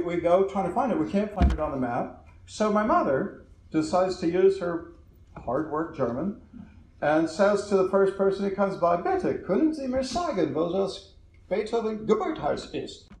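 Man lecturing, anecdotal, slightly high voice, roomy hall echo, faint hiss. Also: animated, normal speed, darkish tone. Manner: storytelling, chuckles at own anecdotes. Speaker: guest lecturer. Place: auditorium. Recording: echoey auditorium with faint noise.

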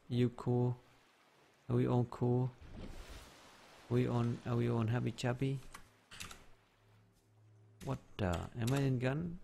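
A man's voice: mid-range voice, fairly even intonation, a little slow, gravelly, long pauses, darkish tone, a little hiss or hum. A man giving live game commentary, talking to himself, exclaiming and joking in broken English. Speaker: gameplay streamer. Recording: faint keyboard typing in background.

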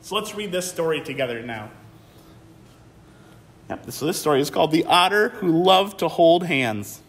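A male museum educator reading a picture book aloud to young children. His voice sits high and bounces around in an encouraging, sing-song way. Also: animated, moderate pace, roomy sound. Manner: warm, encouraging, talks to young kids. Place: museum program room.

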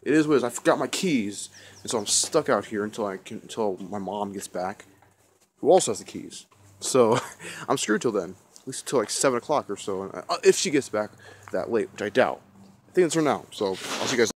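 A man's voice: on the low side, animated, a little fast, a little hiss or hum. A young man vlogging to a handheld camera outside a house, rambling and hamming up his self-pity. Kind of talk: casual vlog to camera.

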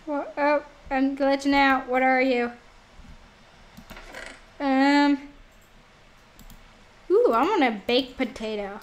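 A woman's voice: high-pitched, slow, pauses often, highs cut off. A girl co-hosting a gaming video, chatting casually and stammering through many fillers. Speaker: gaming channel co-host. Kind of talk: casual gameplay chat.

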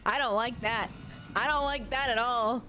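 A woman streaming horror games, chatty and expressive and swearing freely. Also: fairly high pitch, moderate pace, slight background noise. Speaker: game streamer. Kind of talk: live reactions to horror games.

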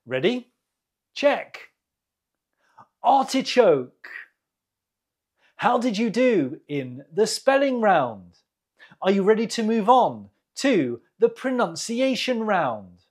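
Quiz-host teacher with a husky tone, very slow, lively rise and fall, repeats every word for learners. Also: medium pitch. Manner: repeats each word clearly, pauses for the listener. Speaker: English teacher hosting a quiz.

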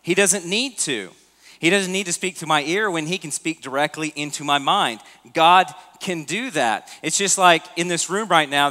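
Bright-voiced man preaching in a big hall. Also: fairly high pitch. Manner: conversational preaching, asks the congregation questions. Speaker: pastor. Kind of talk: sermon. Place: church auditorium. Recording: long hall reverb.

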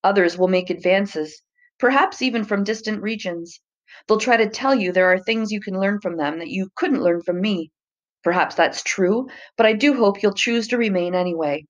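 A woman's voice: medium pitch, moderate pace, natural voice. A woman reading a proud, anxious older scythe mentor. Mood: earnest. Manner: earnest and anxious.

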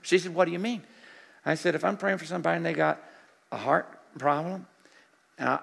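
Older man, preacher, gravelly, husky, animated storytelling, soft prayer murmurs, sermon. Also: mid-range voice. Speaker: preacher teaching on healing prayer. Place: church sanctuary.

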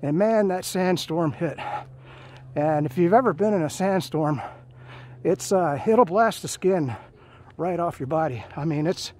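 A man's voice: on the high side, unhurried, darkish tone. A man in his fifties telling his own Marine stories in a rambling, casual way, full of fillers and restarts, as he hikes along a trail. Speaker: Marine veteran storyteller. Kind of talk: casual spoken storytelling. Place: outdoors on a hiking trail. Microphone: phone held while walking.

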